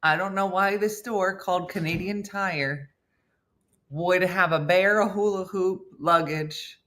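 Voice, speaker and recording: A middle-aged woman hosting a comedic morning show, chatting in a loose, animated way with frequent laughs and asides. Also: on the low side, measured pace. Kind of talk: casual comedic chat.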